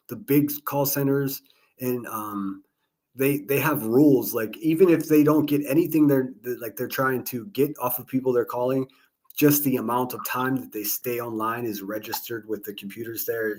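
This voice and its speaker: A man hosting a livestream call-in, relaxed and laughing often, rambling with fillers when he explains things. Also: medium pitch. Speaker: host. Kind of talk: casual livestream call-in chat.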